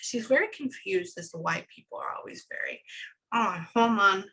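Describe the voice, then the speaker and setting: A woman psychic medium on a video call with a client, telling excitedly what she hears in quick quoted bursts. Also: mid-range voice, creaky, low-quality recording. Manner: animated, breathless storytelling with many quotes. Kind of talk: reading for a client.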